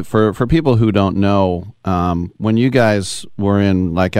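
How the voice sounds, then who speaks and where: A man's voice: low voice, darkish tone, smooth, dry recording, studio quality. A man hosting a radio interview, asking enthusiastic, admiring questions. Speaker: radio show host.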